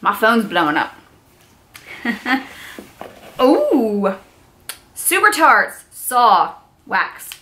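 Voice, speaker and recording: A woman's voice: a little high, very animated, drawn-out words, long pauses, pushed and bright, a little hiss or hum. A young woman vlogger unboxing gifts, gushing with squealing exclamations. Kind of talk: unboxing vlog.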